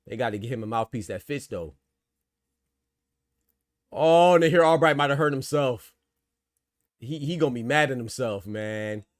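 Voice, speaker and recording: A man hosting live boxing commentary, excitable and slangy, shouting out big moments and talking casually to his viewers. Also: mid-range voice, normal speed, long pauses, dry recording, clean studio sound. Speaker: boxing commentator and channel host.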